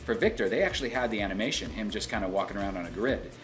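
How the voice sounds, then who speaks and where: A man with a fairly low voice talks loosely about his voice acting work, stopping and restarting his sentences often. Soft music plays faintly underneath. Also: rapid-fire. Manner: rambling, many restarts. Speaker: voice actor. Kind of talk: casual interview talk.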